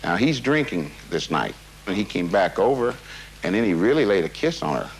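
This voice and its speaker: Low-voiced man telling an old story. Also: very animated, moderate pace, slight background noise, rough recording. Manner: rambling, with many fillers and restarts; casual, drops "man" into his talk. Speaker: interviewee. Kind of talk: recounting a personal memory.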